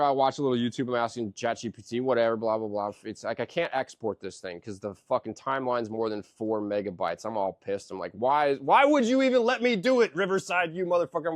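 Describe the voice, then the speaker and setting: Middle-aged guy hosting a podcast, swears a lot, animated, dry sound. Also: mid-range voice, no room sound. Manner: profane, animated storytelling. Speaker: podcast host. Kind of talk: casual chat.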